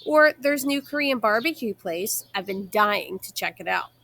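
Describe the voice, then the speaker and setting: A woman's voice: medium pitch, expressive, normal speed, vocal fry, fairly bright tone. A woman reading aloud and voicing an eager, exasperated mother who teaches drama, in a raised, insistent tone. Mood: coaxing.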